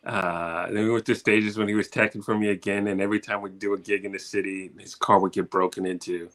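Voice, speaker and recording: A man on a video call reminiscing about an old friend in a reflective way, pausing often with ums and uhs. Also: on the low side, little pitch movement, a bit bright, rough recording. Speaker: musician friend sharing memories. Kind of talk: spoken memorial tribute.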